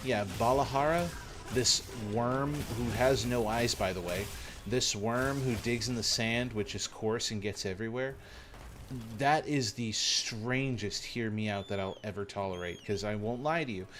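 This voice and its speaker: A man commentating casually while live-streaming a game, playful and rambling, with sudden excited yelps. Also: medium pitch, unhurried, a little hiss or hum.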